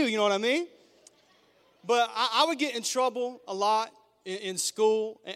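High-voiced preacher in an echoing hall. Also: male voice. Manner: animated, playful, conversational with the crowd. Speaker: pastor. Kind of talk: humorous storytelling sermon. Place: church sanctuary. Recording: long church hall reverb.

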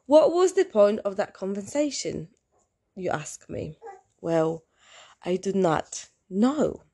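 Solo female podcaster, casual storyteller who waffles and self-corrects, mid-pitched. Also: very animated, slow, dark tone. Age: adult, in a long-term relationship. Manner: rambling, chatty, self-interrupting. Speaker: podcast host.

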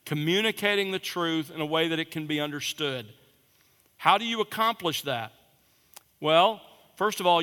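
A man's voice: on the high side, clean tone. Emphatic man lecturing in a reverberant hall. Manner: emphatic, repeats key points, drops to a quiet conversational voice to demonstrate. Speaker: preaching instructor. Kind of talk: teaching lecture on sermon delivery. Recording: long reverb in a large hall.

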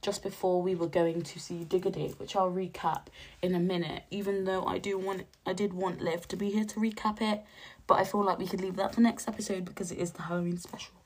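Young woman host, husky and hoarse, lowish voice, slangy storytelling. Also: a little fast. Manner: animated, slangy, jumps to high exclaims when quoting. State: hoarse after a night out. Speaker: podcast host. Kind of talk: casual chatty storytelling.

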